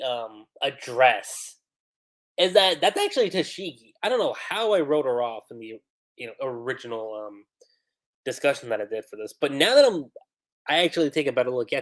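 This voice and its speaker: A man's voice: a little high, sing-song, normal speed. A man hosting a livestream, musing aloud about a comic chapter with chatty, laughing asides. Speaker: streamer. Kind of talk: livestream commentary.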